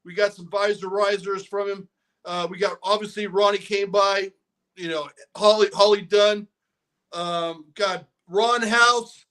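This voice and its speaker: A man co-hosting a casual podcast, talking excitably in laid-back slang. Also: sits high, unhurried. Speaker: podcast co-host.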